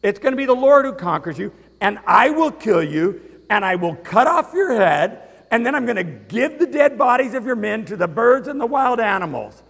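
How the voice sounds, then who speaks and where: A man's voice: high-pitched, slow, a bit bright, voice pushed up. A man voicing the young shepherd David, defiant and emphatic, declaiming. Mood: triumphant. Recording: reverberant hall.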